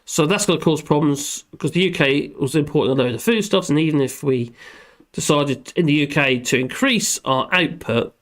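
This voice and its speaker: A man's voice: on the high side, normal speed. A man hosting a casual live stream, chatting in a rambling way and reading out viewer comments at his computer. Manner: rambling, chatty, with fillers, talking to his dog between comments.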